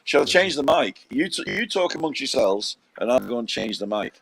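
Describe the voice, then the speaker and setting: A man's voice: mid-range voice, lively intonation, moderate pace, gravelly, fairly bright tone. A man hosting a casual live stream, joking and reading viewer comments, close to a podcast microphone. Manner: jokey, reads viewer comments aloud. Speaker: live show host. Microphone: podcast mic close up.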